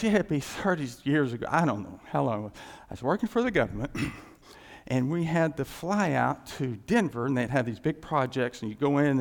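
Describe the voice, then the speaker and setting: Folksy preacher, lively and gravelly. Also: male voice, fairly high pitch, long reverb tail. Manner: folksy, animated storytelling with chuckles. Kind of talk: sermon with a personal story.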